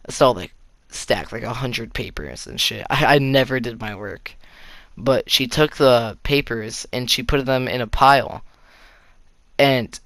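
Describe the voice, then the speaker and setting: A man's voice: medium pitch, a bit bright, smooth, no echo. A teenage boy telling a story from his own life in a rambling, casual way, with lots of swearing, fillers and restarts. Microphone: console facecam or headset mic.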